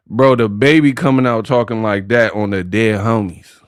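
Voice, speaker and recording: A man's voice: on the low side, fairly even intonation, moderate pace, clear, resonant tone, dry recording, clean studio sound. A man doing casual live-stream commentary, joking and laughing in slangy banter with his chat.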